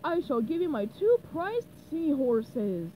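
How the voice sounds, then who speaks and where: A woman doing a loud, regal crab king. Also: sits high, big pitch swings, slow, muffled recording, slight background noise, full character voice. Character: grand male crab king.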